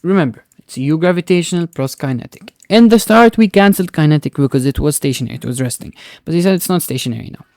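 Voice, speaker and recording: A man's voice: on the high side, darkish tone, dry recording, clean studio sound. A male physics teacher walking through a recorded tutoring lesson step by step, often checking in with "right?" and "okay?" and slipping in Arabic words.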